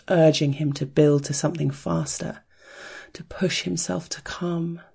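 A narrator with a mellow, breathy voice reads a scripted story in a hushed, unhurried way. The delivery stays even and rhythmic, sometimes sinking into soft whispers. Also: medium pitch.

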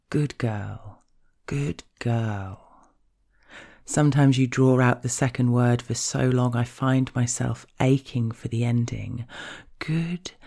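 A woman reading a scripted erotic story in the first person, with a measured, intimate delivery. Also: very deep voice, warm tone. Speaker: narrator.

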